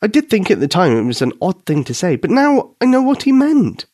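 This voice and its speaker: A quick-witted young girl in a bedtime storybook, put on by a male narrator. She talks eagerly and teasingly, her voice raised high and lively. The sound is dry and close. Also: dry recording, exaggerated voice. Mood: excited.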